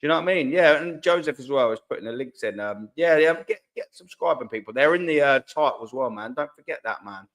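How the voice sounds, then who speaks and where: A young man hosts a live stream in a casual, slangy way and keeps reading viewer comments out loud. His pitch sits in the middle for a man. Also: lively intonation, fast talker, hardly any pauses. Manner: laid-back, slangy, reads chat aloud. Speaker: host of a live fan stream.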